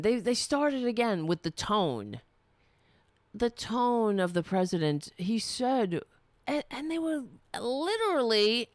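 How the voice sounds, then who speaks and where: A woman's voice: mid-range voice, a bit bright, smooth, no room sound, studio quality. A woman hosting a live political stream, ranting in a heated, profane and sarcastic way. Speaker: political livestream host. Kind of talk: angry political rant.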